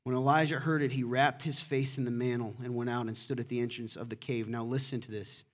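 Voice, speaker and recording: A middle-aged man preaching a sermon as pastor, lively and acting out quoted voices. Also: medium pitch, fairly quick.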